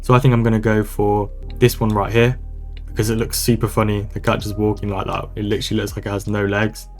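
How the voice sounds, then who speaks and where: A man walking through a software tutorial over a screen recording, talking in a brisk, casual, upbeat way. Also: lowish voice, flat delivery, faint music behind. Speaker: online business coach.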